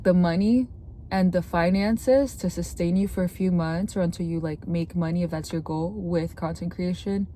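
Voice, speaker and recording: A woman's voice: on the low side, mellow, a little hiss or hum. A young woman with a sore throat giving chatty, earnest advice to the camera as a content creator, filling her talk with "like". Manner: chatty, earnest, with many "like" fillers. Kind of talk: casual talking-to-camera advice.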